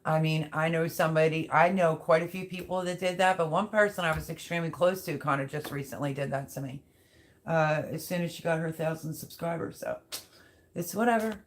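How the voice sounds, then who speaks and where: A woman's voice: low voice, brisk. Chatty woman hosting a live stream. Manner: chatty, rambling, talks straight to viewers. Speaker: livestream host reading chat. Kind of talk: casual live-stream chat.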